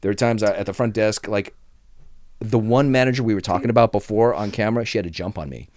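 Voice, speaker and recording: A man's voice: on the low side, fast talker, no echo, studio quality. A man hosting a podcast, telling workplace stories in casual chat and acting out the people in them. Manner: animated, acts out voices in his stories. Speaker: podcast host.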